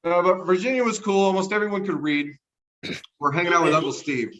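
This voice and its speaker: A young man from Texas doing a stand-up set over a livestream, delivering deadpan one-liners and chuckling at his own jokes. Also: high voice, a little fast, dull audio. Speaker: stand-up comedian. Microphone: livestream mic.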